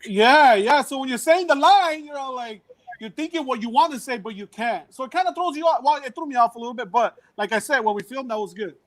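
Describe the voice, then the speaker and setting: High-voiced, slangy comedian. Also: male voice, brisk. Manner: profane, slangy, repeats words when excited. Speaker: comedian and actor. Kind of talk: casual podcast chat.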